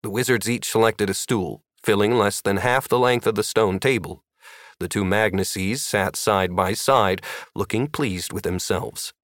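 A man narrating an audiobook in a lively, expressive reading. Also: lowish voice, measured pace, no echo, clean studio sound.

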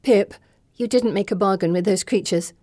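A woman's voice: mid-range voice, moderate pace, warm tone, dry recording, studio quality, natural voice. A blunt young warrior girl, voiced by a woman. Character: bold, spirited teenage girl warrior.

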